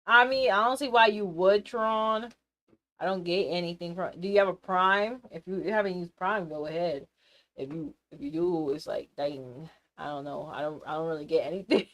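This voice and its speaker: A woman streaming live, chatting casually in a goofy, rowdy way, playfully yelling silly insults. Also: lowish voice, normal speed. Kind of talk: casual livestream chat.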